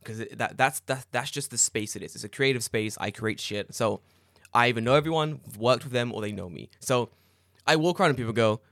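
Podcast dude, chatty and animated, laughs a lot, dry close mic. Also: male voice, mid-range voice, a little fast, dry recording. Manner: animated storyteller, laughs often, acts out quotes. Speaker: podcast co-host. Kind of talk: casual chat.

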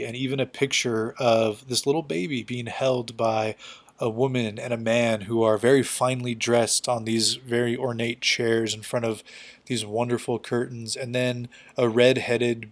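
Flat-voiced man recapping a comic casually. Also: mid-range voice. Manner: chatty, loose, full of fillers. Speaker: comic book reviewer.

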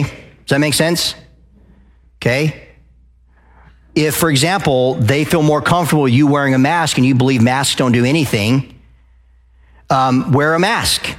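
A loud, passionate man from Arizona lectures a live audience, his voice sitting at an ordinary middle pitch. He keeps checking in with the crowd, tossing out "okay?" and direct questions as he drives each point home. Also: moderate pace, pauses often. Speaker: speaker at a live event.

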